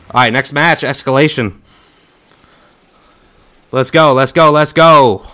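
A young man streaming a shooter game, talking casually and trash-talking loudly, swearing, with sudden shouted outbursts. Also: medium pitch, slow, pauses often. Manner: loud, excitable trash talk, swearing, bursts of shouting. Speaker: gaming streamer. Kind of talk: casual gameplay commentary.

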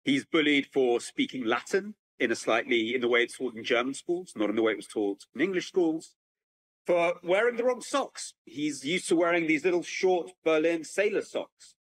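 A man delivers a public lecture from home over his computer. His voice rises and falls widely, and he tells the history with lively, animated energy, often breaking off and restarting sentences. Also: on the high side, moderate pace, low-quality recording. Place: at home with a computer, remote talk.

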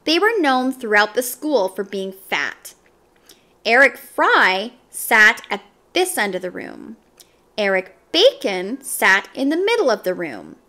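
A woman reading a children's chapter book aloud, with expressive, animated narration. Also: on the high side, takes it slowly. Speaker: storybook reader.

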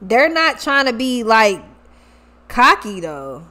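A woman does a loose, chatty tarot reading, slipping into slang and cursing as she goes. Her voice sits fairly high, and she often acts out the lines she imagines people saying. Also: takes it slowly. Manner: animated, profane, acts out quoted people. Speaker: tarot reader.

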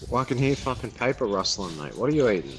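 A man's voice: mid-range voice, very animated, fast talker, soft background music. A young man, teasing his friend in casual chat while gaming. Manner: teasing, calls people mate.

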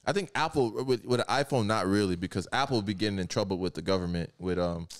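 A man's voice: fairly low pitch, fast talker, no room sound. A young man hosting a podcast in casual chat, teasing and laughing often. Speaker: podcast host.

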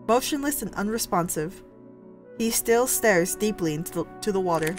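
A woman's voice: mid-range voice, expressive, moderate pace, faint music behind. A woman narrating a story game aloud, reading dramatically and breaking in with reactive asides.

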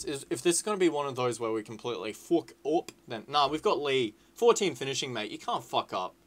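A young man giving casual, excitable, sweary commentary over a football management game. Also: medium pitch, fairly quick, hardly any pauses. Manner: excitable, sweary, shouts at the screen. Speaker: gaming YouTuber.

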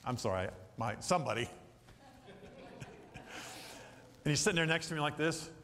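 In a church sanctuary, a middle-aged pastor preaches a sermon full of folksy stories, acting out little scenes and asides in an animated way. His voice is a little high and measured in pace, with slight background noise and long hall reverb.

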